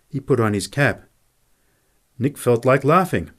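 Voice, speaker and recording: Slow, expressive male audiobook narrator. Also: mid-range voice. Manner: slow, lively expressive reading. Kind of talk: audiobook reading of a short story.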